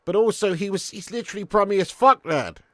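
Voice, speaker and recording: Brummie guy in his 30s on a footy stream, sweary banter, bit high voice, dry close mic. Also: fairly even intonation, rapid-fire, dry recording. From Birmingham area, England. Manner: sweary, banter-heavy, talks straight to viewers. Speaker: live stream host. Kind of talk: football watch-along chat.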